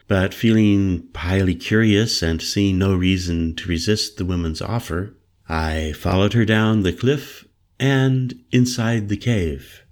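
A man narrating a first-person story as an audiobook, in a calm, descriptive manner. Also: low-pitched.

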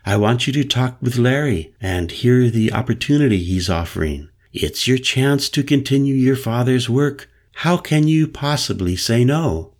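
A man's voice: medium pitch, animated, normal speed, hardly any pauses, a little mellow. A man voicing a cheery, prim middle-aged mother. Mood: pushy.

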